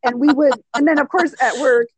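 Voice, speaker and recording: A woman's voice: high-pitched, brisk, background noise. A young adult woman co-hosting a casual chat, telling stories with lots of swearing. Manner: swears freely, animated storytelling. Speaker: podcast co-host.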